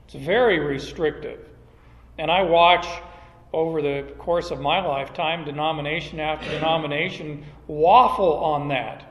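A man's voice: a little high, fairly even intonation, normal speed. Emphatic preaching man in an echoey hall. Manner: emphatic preaching with rhetorical questions. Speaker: pastor. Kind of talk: sermon. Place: church sanctuary.

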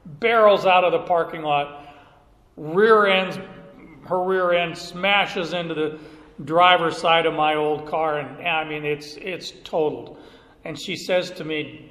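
High-voiced man preaching in an echoey hall. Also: measured pace, a bit bright. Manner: storytelling, emphatic. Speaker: pastor. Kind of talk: sermon. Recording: echoey hall, roomy reverb.

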